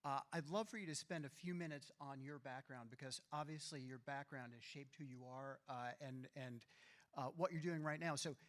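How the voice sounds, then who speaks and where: A man's voice: mid-range voice, moderate pace, a bit bright. A man interviewing a guest on a conference stage, asking friendly, conversational questions.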